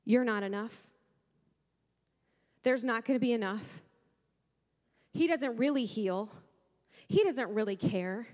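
A woman's voice: fairly high pitch, slow pace, pauses often, darkish tone, in a large hall, voice pushed down. A woman putting on the enemy, a taunting male accuser spirit. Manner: sneering, accusing.

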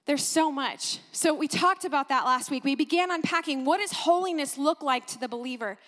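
A woman preaching a sermon, animated and emphatic, exclaiming and repeating phrases for emphasis. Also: high-pitched, brisk, long reverb tail. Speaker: pastor.

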